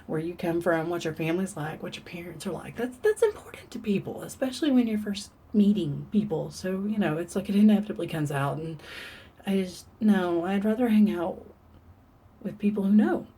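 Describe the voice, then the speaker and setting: Husky-voiced woman, earnest vlog confession. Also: lowish voice, mellow. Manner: earnest, halting, openly emotional. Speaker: vlogger. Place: room in the dark.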